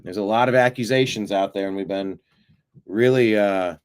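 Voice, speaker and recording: Low-voiced man hosting a live political stream. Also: normal speed, smooth. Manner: animated, sarcastic asides, frequent fillers. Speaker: host of a political news show.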